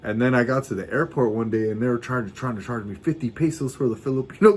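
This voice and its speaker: An American vlogger, middle-aged, talks fast with few pauses in a mid-range voice with a breathy edge. Laid-back and rambling, he tells stories in casual chat, swearing freely and restarting his sentences often.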